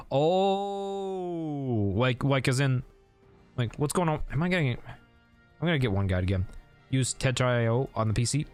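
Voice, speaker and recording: A young man streaming while he plays a game, chatting loosely with viewers, often sidetracked and laughing at his own stories. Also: medium pitch. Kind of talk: casual live-stream chat while gaming.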